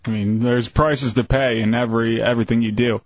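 A man's voice: mid-range voice, steady tone, a little fast, no room sound. A man co-hosting a radio show, chatting in a laid-back, agreeable way. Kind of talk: casual radio banter. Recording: dull lo-fi radio recording.

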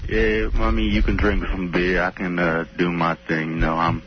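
A man's voice: low-pitched, little pitch movement, moderate pace, background noise. A man calling into a radio show, laid-back and slangy. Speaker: radio caller. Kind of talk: casual phone call. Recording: dull lo-fi radio phone call.

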